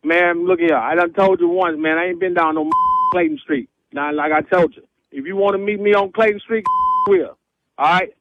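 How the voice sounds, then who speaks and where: A man's voice: sits high, moderate pace, no room sound, lo-fi sound. Scoffing man brushing off a prank. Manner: dismissive, laughing, streetwise slang. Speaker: prank victim on the phone. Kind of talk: heated phone argument.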